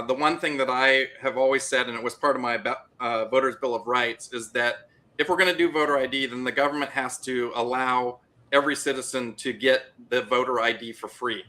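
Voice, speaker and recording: Man with a very bright, forceful voice. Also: mid-range voice, normal speed. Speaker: panel guest. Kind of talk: casual political discussion.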